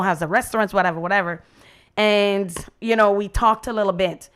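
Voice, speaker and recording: A Jamaican woman hosting a radio program, telling a story in a chatty, animated way and acting out the voices of the people she quotes. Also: mid-range voice, smooth. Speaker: radio host. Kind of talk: casual storytelling monologue.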